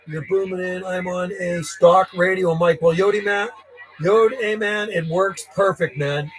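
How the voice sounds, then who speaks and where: A man's voice: high voice, steady tone, a little slow, faint music behind. A man chatting casually over the radio with distant contacts, rambling and friendly while logging them. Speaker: ham radio operator.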